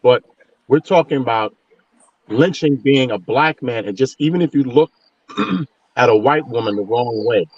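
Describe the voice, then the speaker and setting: A man's voice: mid-range voice, expressive, a little slow, a little mellow, breathy edge. A man speaking as a guest on a panel discussion, indignant and repeating himself. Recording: dull lo-fi dry sound.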